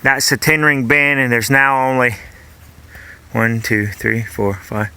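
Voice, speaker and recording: A man's voice: mid-range voice, measured pace, clear, resonant tone, poor audio. A man in his thirties hosting a farm vlog, talking in an easygoing, rambling way with plenty of fillers as he walks around outdoors. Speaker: farm vlogger, host. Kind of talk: casual vlog narration. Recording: outdoor camera recording with steady background noise.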